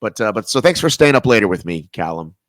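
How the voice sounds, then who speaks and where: A man hosts a relaxed chat, joking and wandering off on tangents. His voice sits fairly low, and the sound is dry and close. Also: fast talker, no echo. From American South. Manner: rambling, jokey, goes off on tangents. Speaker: podcast host. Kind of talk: casual video-call interview.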